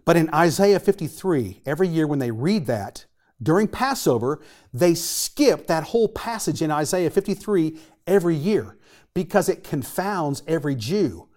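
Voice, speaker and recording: A male pastor preaching a sermon, animated and storytelling, acting out the voices of the people in the story. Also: on the high side, moderate pace. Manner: animated, acts out quoted voices and questions.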